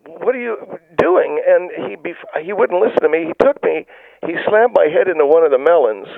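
A man playing a whiny, gravelly mask-refusing caller. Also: sits high, lively intonation, moderate pace, no echo. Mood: indignant. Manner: rambling, stammering restarts, whiny disbelief. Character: indignant middle-aged male caller who refuses masks. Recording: tinny phone line.

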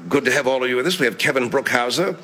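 A man's voice: mid-range voice, rapid-fire, pushed and bright. Profane, rambling man hosting a live chat. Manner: profane, rambling, laid-back. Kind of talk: casual live-stream chat reading comments.

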